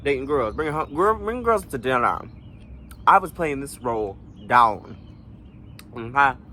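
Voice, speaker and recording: Animated young man telling a story. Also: moderate pace, a little hiss or hum. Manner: animated, jumps into high exclamations and laughs; swears freely, slangy and playful. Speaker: vlogger. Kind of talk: casual storytime vlog.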